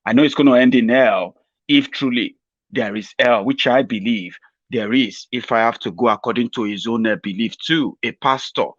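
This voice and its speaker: A man's voice: mid-range voice, a bit bright, dry recording, dull audio. A Nigerian man giving a rambling, mocking satirical political commentary to his viewers. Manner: mocking, rambling, chuckles at his own jokes.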